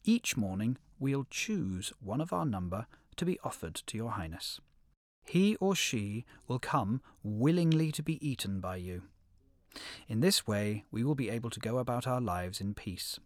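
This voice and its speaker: A man voicing a timid animal leader who pleads in a hushed, whispering voice in a storybook tale. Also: medium pitch, animated, unhurried, dry recording, studio quality, close to an everyday voice. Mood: pleading.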